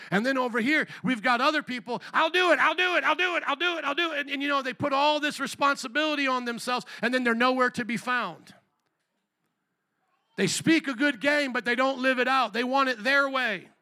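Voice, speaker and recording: High bright-voiced male pastor preaching. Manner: animated, acts out quotes, calls to the congregation. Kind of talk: sermon.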